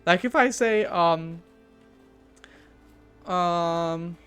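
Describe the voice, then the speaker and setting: A woman's voice: fairly low pitch, extremely slow, a bit bright, clear, resonant tone, soft background music. A woman streamer with a French accent, chatting casually while gaming, teasing herself, stammering and giggling.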